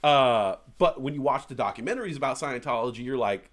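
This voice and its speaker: A man's voice: medium pitch, animated, fairly quick, hardly any pauses, fairly bright tone. A man co-hosting a live stream in casual chat, rambling and swearing, often restarting his sentences. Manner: rambling, profane, frequent restarts.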